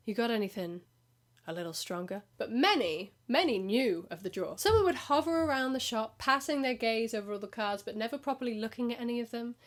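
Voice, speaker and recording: A woman's voice: a little high, expressive, brisk, few pauses. A young British woman telling sarcastic stories about customers in a vlog, acting out bits in put-on voices. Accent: British English. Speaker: vlogger. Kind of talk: storytelling vlog.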